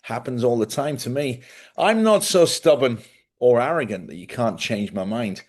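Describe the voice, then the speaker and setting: A man's voice: mid-range voice, animated, moderate pace, a little mellow. A middle-aged man, hosting a casual livestream monologue, a chatty storyteller who laughs often and acts out other people's voices. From Ireland. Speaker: livestream host.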